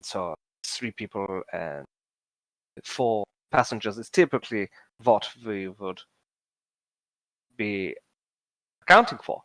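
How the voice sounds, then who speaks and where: A man voicing a fussy male wagon master with a German accent, halting and full of ums, in a tabletop game. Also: lowish voice, lively intonation, fairly bright tone, dry recording, rough recording. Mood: apologetic. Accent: German put-on accent. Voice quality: halting, many ums and uhs.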